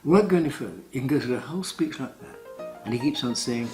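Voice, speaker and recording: A man with a clipped British RP accent, a stage actor in an archival interview clip, explaining verse and reciting lines theatrically, swinging from loud to hushed. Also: mid-range voice, lively intonation, fast talker, faint music behind, low-quality recording.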